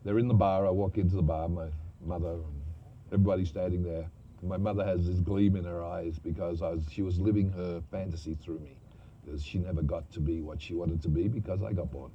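An older man, a guest actor telling lively, profane, self-mocking stories on stage. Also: low voice, brisk, highs cut off, a little hiss or hum. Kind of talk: anecdotal storytelling on stage.

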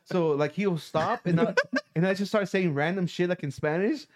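A man telling a profane story to friends, animated and laughing as he goes. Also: sits high, moderate pace. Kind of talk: casual storytelling among friends.

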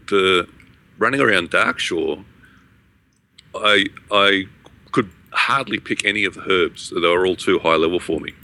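A man's voice: deep voice, pushed and bright. A man co-hosting a gaming podcast, talking in a rambling casual way with many restarts and fillers. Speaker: podcast co-host.

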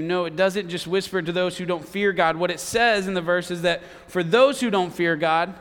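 A young man preaching a youth sermon, conversational and joking with his audience, dropping to a hush for emphasis. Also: high voice, big-room sound. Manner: jokey asides to a young audience.

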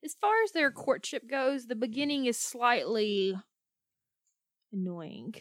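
High-voiced playful woman. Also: expressive, no room sound, clean studio sound. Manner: playful, teasing, quick quips. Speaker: guest co-host. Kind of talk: casual movie podcast chat.

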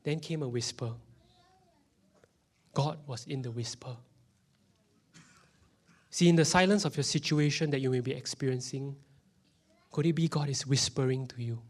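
Preaching in a church hall, this man in his thirties speaks at a normal speed and medium pitch, pausing often, with a Singaporean English accent. He's animated, as a pastor, and sometimes drops into a whisper for emphasis.

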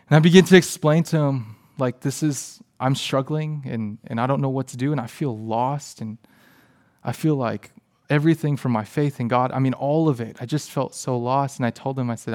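A man in his thirties giving a sermon, telling a personal story and often dropping to a soft hush. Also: medium pitch, steady tone, moderate pace. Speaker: pastor.

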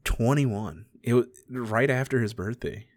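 Man, podcast co-host, casual chat, laid-back, short interjections, mid pitch. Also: a little slow. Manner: laid-back, chiming in with short remarks and laughs.

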